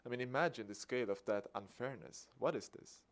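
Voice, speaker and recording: Swedish guy giving a talk, mid pitched, acts out the back and forth with a little laugh. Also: a little fast. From Sweden. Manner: lively storyteller acting out dialogue with a chuckle. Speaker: activist speaker. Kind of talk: public talk.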